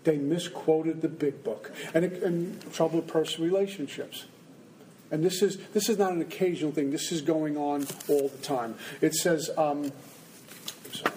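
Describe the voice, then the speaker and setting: A man's voice: fairly high pitch, mellow, low-quality recording. A man speaking at a recovery meeting, telling humorous, self-mocking stories to a live audience and acting out his inner voices. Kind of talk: storytelling talk to a live audience. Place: indoor meeting room with an audience.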